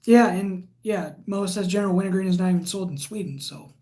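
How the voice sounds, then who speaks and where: A woman's voice: medium pitch, fairly quick, mellow. Chatty woman hosting a livestream. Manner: chatty and rambling, with frequent fillers. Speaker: livestream host. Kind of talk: casual live chat, reading viewer comments aloud.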